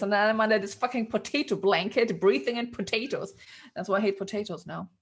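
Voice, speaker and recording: A woman's voice: medium pitch, fairly quick. A woman with a Ukrainian accent, a podcast guest chatting casually, candid, laughing often and swearing freely. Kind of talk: casual interview chat.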